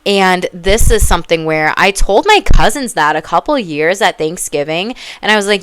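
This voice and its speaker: A woman talking to her viewers in an animated, blunt, rambling way, swearing freely and slipping into tangents. Her voice is smooth and clear, and it sounds dry and close with no room around it. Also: lowish voice, moderate pace, few pauses, no room sound. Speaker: psychic and life coach. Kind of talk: casual monologue to viewers.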